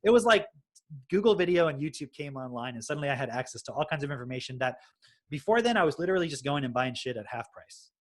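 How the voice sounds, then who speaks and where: A man's voice: mid-range voice, quick pace. A man, a podcast host telling his story in casual chat and swearing freely. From Texas. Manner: swears freely, animated retelling.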